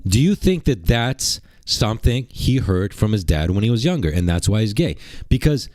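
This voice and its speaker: A man's voice: on the low side, big pitch swings, moderate pace, darkish tone, dry recording. A man doing mocking livestream reaction commentary, rambling and sarcastic, repeating rhetorical questions.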